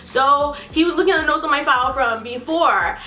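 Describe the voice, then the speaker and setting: Young woman vlogger, high and bright, swears freely, roomy echo with faint music under it. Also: brisk. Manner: animated, profane, laughing. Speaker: beauty vlogger. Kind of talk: casual storytime.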